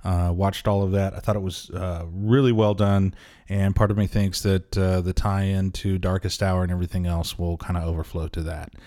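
A man's voice: low-pitched, flat delivery, normal speed, mellow. A man co-hosting a podcast in casual chat, rambling and hesitant with many restarts, laughing easily. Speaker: podcast co-host.

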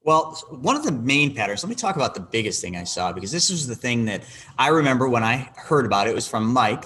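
A husky-voiced man speaks as a financial advisor in an interview. He tells his story with lively energy, acting out the quoted dialogue. His voice has a rough, breathy edge at an ordinary pitch. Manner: animated, acts out quoted dialogue.

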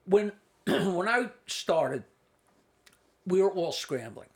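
A man's voice: sits high, sing-song, slow pace. A man in his sixties, a comedian, telling rambling anecdotes with asides and restarts in a casual interview. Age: 60s. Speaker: comedian guest.

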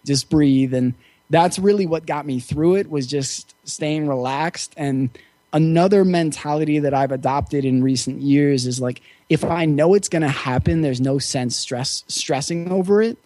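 A man as an interview guest, telling a personal story in a relaxed, reflective way with frequent fillers. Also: fairly high pitch, measured pace, no echo. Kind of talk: casual storytelling.

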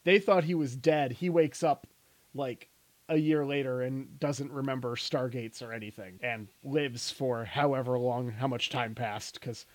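A man's voice: medium pitch, fairly even intonation, unhurried, no room sound. A man co-hosting a podcast, chatting casually and rambling through speculative guesses. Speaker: podcast co-host. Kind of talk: casual chat.

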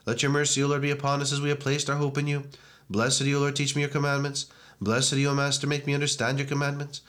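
A man reads liturgical prayers in a rapid, unbroken monotone. His pitch barely moves, and he keeps the words flowing quickly from line to line. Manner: brisk monotone recitation. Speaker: reader of prayers. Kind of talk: liturgical reading.

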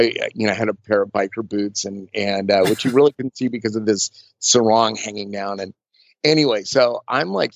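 A man's voice: lowish voice, no room sound. Chatty rambling man, dull dry sound. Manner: chatty, rambling, full of fillers and restarts. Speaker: makeup artist guest. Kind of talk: casual storytelling interview.

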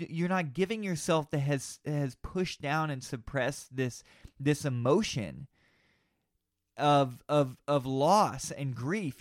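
A man's voice: a little high, no echo, studio quality. A man co-hosting a podcast, speaking earnestly and reassuringly, with some playful teasing, in casual conversation. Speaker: podcast co-host.

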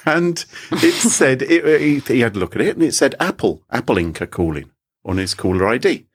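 A man co-hosting a podcast tells a story in a casual, animated chat, laughing often. His husky voice sits at medium pitch and moves at a normal speed.

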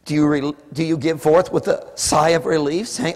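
A man preaching a sermon in impassioned, repetitive pleading prayers that swing from hushed to shouted. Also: fairly high pitch, steady tone, moderate pace. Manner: repetitive, rhythmic calls. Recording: echoey hall with long reverb.

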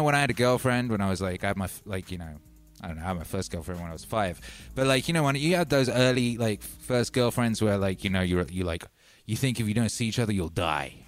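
Rambling man over music. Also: lowish voice. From North Wales. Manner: meandering, loose, peppered with "you know" and "like". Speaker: livestream host. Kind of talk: rambling casual livestream chat.

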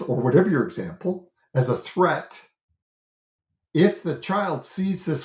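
A man's voice: mid-range voice, darkish tone, reverberant. A man explaining self-regulation on a talk show, earnest and thinking aloud with lots of fillers and restarts, gesturing with his hands as he talks. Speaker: parenting and self-regulation educator.

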